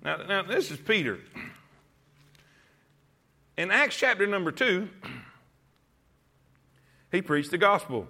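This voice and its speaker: A male pastor preaching in church, with a high voice that swings widely in pitch. His tone is bright and ringing, and he drives his points with rhetorical questions and calls for the congregation to read along. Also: very animated, takes it slowly, long pauses. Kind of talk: sermon. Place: church service.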